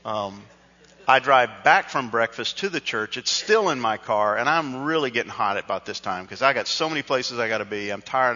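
A man preaching, with a bright, forceful voice as he tells a self-mocking story and acts out the lines of each person in it. His voice rings with a long reverb in a big church hall, and the recording sounds dull and muffled. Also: mid-range voice. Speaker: pastor. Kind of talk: sermon storytelling.

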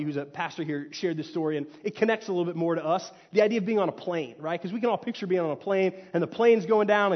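A man from Texas preaching a sermon, telling the story with animated energy and tossing in frequent "right?" asides. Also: sits high. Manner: animated storytelling, acts out quotes, rhetorical "right?". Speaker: pastor. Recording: hall reverb, dull lo-fi sound.

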